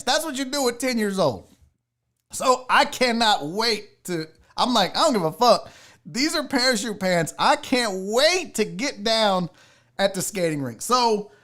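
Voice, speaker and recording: A man in his forties hosting a podcast and telling a comedic story, animated and profane, swinging from loud bursts to low asides. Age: 40s. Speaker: podcast host. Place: seated in a chair.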